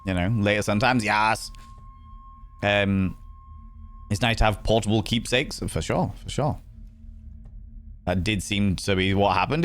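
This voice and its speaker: A man chats through a let's-play with playful, casual commentary and the odd swear. His voice sits low but jumps up high whenever he is excited. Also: a little slow, pauses often, faint music behind. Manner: chatty, playful, swearing, greeting chat. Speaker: streamer.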